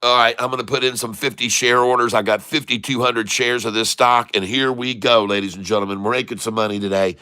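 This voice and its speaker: Hyped-up guy doing live trading commentary, bright clear voice, keeps chanting and calling out to the folks watching. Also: medium pitch, fairly quick, few pauses. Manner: excitable and hype-driven, breaks into chanting; repetitive, keeps addressing viewers as folks and ladies and gentlemen. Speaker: day trader hosting his channel.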